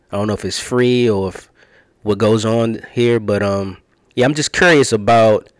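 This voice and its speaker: American guy vlogging his trip, low voice, rambly and chatty, dry sound. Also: no room sound. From United States. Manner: chatty, rambling, many fillers. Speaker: travel vlogger. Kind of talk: casual travel vlog.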